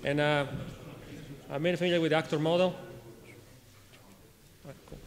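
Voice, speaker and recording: A man from Italy with an Italian accent gives a technical conference talk in a halting way, restarting phrases and questioning the audience. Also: on the high side, fairly even intonation, a little hiss or hum. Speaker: conference speaker. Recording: reverberant lecture hall.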